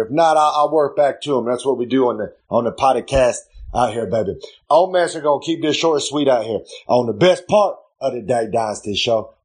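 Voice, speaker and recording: Rowdy wrestler type, husky voice, loose rambling monologue about himself. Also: male voice, mid-range voice, a little mellow. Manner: loose, rowdy, refers to himself in third person. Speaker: wrestler hosting a recurring podcast segment. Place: home kitchen.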